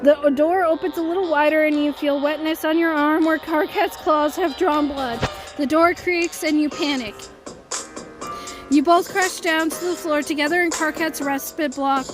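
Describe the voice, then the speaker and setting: A woman's voice: high-pitched, steady tone, moderate pace, poor audio. A woman streamer reading a visual novel aloud live, in a casual tone with amused asides. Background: game music.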